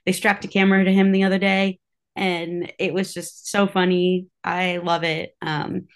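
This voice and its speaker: A woman's voice: on the low side, flat delivery, normal speed. A woman chatting casually as a podcast guest, talking freely with plenty of "like" and "um". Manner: chatty, filler-heavy with frequent "like" and "um". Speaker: cheerleader for a pro basketball team.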